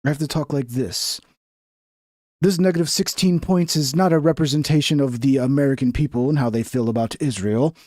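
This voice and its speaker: A man puts on a self-serious male TV investigative reporter. The voice drops low and stiff into a mock broadcast cadence. The sound is close and dry, with no room around it. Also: brisk, darkish tone, dry recording, lightly acted.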